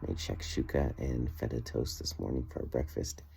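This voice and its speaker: A man's voice: very deep voice, normal speed, gravelly, mellow, a little hiss or hum. A man recording a personal video diary, telling an earnest, reflective story with plenty of fillers. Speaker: vlogger.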